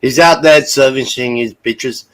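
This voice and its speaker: A middle-aged Australian man hosting a casual livestream, loud and brash and swearing freely. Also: medium pitch, a little slow, poor audio. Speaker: stream host.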